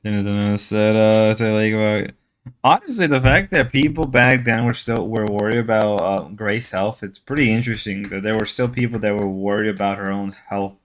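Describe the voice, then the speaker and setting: A man's voice: on the low side, moderate pace. A man chatting casually on a stream, musing aloud and repeating his points.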